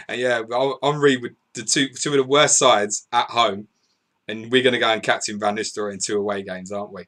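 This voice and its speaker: A man hosting a live fantasy football stream, excitedly reading out scores and viewer messages, swearing and laughing as he goes. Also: mid-range voice, normal speed. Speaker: podcast host.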